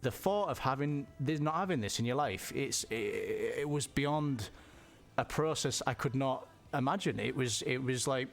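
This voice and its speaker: A man telling a personal story in a halting way, often repeating words and restarting. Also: mid-range voice, animated, soft background music. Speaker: vlogger.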